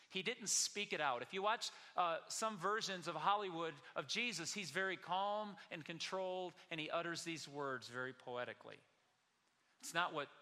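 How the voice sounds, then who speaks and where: A man preaching a sermon as pastor, with dramatic delivery that builds to shouted scripture quotes. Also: a little high. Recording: long reverb of a large hall.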